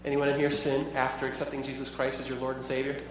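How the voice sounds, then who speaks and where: A man's voice: mid-range voice, completely flat delivery, quick pace, a little hiss or hum. A pastor preaching a sermon in a conversational way, asking his listeners many rhetorical questions. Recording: echoey hall, voice from far off.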